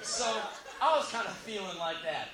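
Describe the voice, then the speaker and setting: A man telling spoken word stories, animated, bursting into shouted impressions and mock laughs. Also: sits high, normal speed, crowd noise. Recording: roomy echo.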